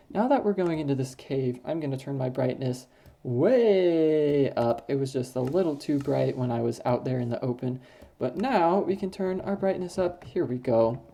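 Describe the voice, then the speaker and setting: A young woman giving casual, rambling commentary while she plays a building game, often breaking into sudden high-pitched exclamations. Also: dark tone. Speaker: gaming video host.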